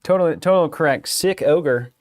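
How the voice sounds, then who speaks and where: A man's voice: fairly high pitch, normal speed, dry recording. A man co-hosting a card game live stream, joking and teasing in casual banter on a studio broadcast mic. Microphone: studio broadcast microphone on a boom.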